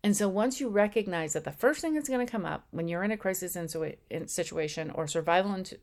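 A woman's voice: fairly low pitch, animated, fast, darkish tone. Woman doing a casual spiritual talk, chatty, stumbles and restarts a bit. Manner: acts out voices of ego and intuition; conversational, with slips and restarts. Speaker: spiritual speaker.

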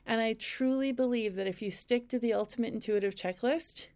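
A woman teaching a spiritual intuition lesson, guiding listeners calmly step by step. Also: a little high, brisk, hardly any pauses, smooth. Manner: calm, step-by-step second-person instruction. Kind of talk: guided instructional talk.

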